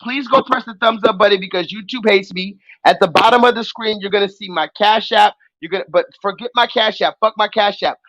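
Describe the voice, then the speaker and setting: A young adult man hosting a live call-in stream, ranting loudly and profanely at the chat and mocking his target. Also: high-pitched, a little fast, hardly any pauses, poor audio. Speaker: livestream host.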